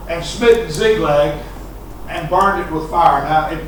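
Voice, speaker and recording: A man preaching a sermon as pastor, shouting and punctuating his lines with "huh?" and "uh.". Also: fairly high pitch, unhurried, far from the mic, a little hiss or hum. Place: church sanctuary. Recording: echoey church sanctuary recorded from afar.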